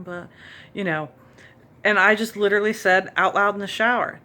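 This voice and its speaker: A woman's voice: medium pitch, moderate pace, pushed and bright, slight background noise. A woman vlogger giving an earnest, emphatic motivational monologue to encourage her viewers.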